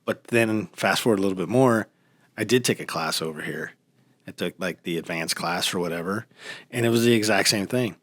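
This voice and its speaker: A man casually chatting on a podcast, telling stories with lively acted-out quotes. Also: sits low, a little fast, no room sound. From United States. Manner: animated storytelling, acts out quotes. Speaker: podcast host. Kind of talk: casual chat.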